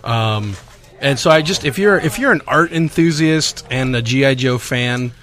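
A man co-hosting a podcast, reviewing comic art in a relaxed, rambling way. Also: medium pitch, normal speed, faint music behind. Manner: relaxed, rambling, many fillers and restarts. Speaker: podcast co-host. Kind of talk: casual comic book review.

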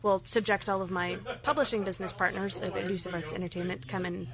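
A woman's voice: mid-range voice, fast talker, crowd noise. A woman who owns a comic store, talking as a guest in casual, bantering chat. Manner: lively, bantering, laughs.

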